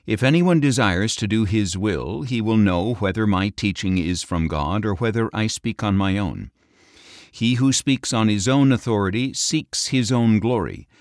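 A man voicing Jesus as a calm grown man who teaches with authority, in earnest, measured speech. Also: fairly low pitch, no room sound, clean studio sound.

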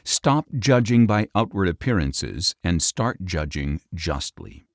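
A man voicing Jesus as a calm grown man who teaches with authority, in earnest, measured speech. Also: low-pitched, no room sound, studio quality, heavily acted. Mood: reasoning.

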